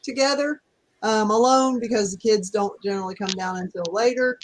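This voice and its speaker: A woman's voice: medium pitch, a little fast, a little hiss or hum, rough recording. A middle-aged woman co-hosting a livestream, chatting casually with frequent ums and restarts from her laptop. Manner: hesitant, many ums and restarts. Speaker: co-host of a livestream. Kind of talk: casual chat.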